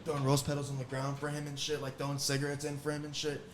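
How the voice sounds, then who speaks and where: A man telling casual stories on a podcast, animated and often laughing as he acts out what others said. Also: a little high, racing, crowd noise. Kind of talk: casual storytelling.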